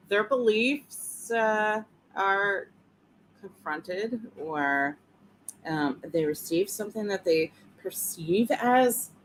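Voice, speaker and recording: Unhurried female co-host, mid pitch, filler-heavy, light background noise. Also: a little mellow, poor audio. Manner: slow, reads points with fillers. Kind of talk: casual livestream discussion.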